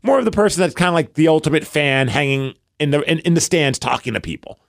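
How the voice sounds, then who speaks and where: A man's voice: on the high side, lively intonation, fast, gravelly, no echo, clean studio sound. A man from Brooklyn with a New York accent, co-hosting a podcast and telling a rambling story in casual chat, acting out what others said. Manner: rambling, restarts often, acts out quoted dialogue. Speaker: podcast co-host.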